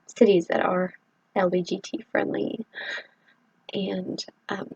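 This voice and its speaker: A middle-aged woman from Southeast Texas talking in a halting, earnest confessional vlog, with many pauses and fillers. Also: medium pitch, gravelly, slightly rough, no room sound, dull audio. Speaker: vlogger.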